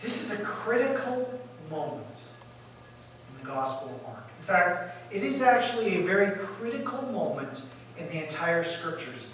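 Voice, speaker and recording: A male pastor telling a story in a sermon, lively and animated, acting out the disciples' panic and dropping to quiet asides. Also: high-pitched, a little hiss or hum. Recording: echoey room from far off.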